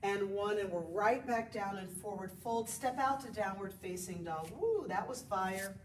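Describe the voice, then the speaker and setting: A woman instructs a live yoga class in a mid-range voice at moderate pace, counting poses and offering chatty encouragement while sometimes short of breath. The sound is distant and echoey, as her body mic at times sits far away, with faint noise underneath.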